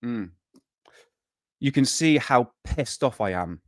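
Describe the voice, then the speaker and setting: A man's voice: medium pitch, expressive, slow pace, no echo, studio quality. A man hosting a casual live stream, rambling and swearing freely, worn out and burnt out, chatting to viewers. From United Kingdom.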